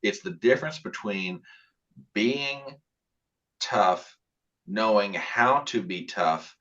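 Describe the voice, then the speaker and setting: A man in a casual political chat with a low, bright, forceful voice that swings widely in pitch. He talks emphatically and acts out the people he quotes. The audio is dull and lo-fi. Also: animated, slow. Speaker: podcast guest.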